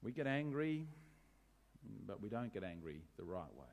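Lively male preacher. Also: lowish voice, moderate pace, muffled recording. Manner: animated, rhetorical questions, wry humor. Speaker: pastor. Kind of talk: sermon.

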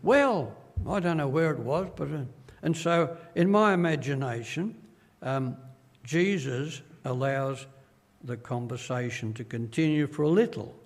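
An older man with an Australian accent preaching a sermon as pastor, slow and earnest, acting out quoted voices as he tells stories. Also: medium pitch, in a large hall.

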